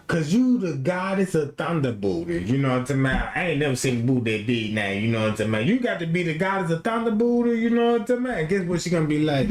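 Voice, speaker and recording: A man's voice: a little high, echoey room. A young man, ranting on a casual livestream and slipping into mocking impressions. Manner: animated, slips into mocking impressions. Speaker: livestream host.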